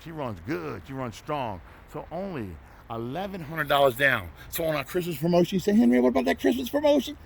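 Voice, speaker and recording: A man, running a folksy, loud, hard-selling walkthrough of his used car lot outdoors. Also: on the high side, gravelly. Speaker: used car dealership owner.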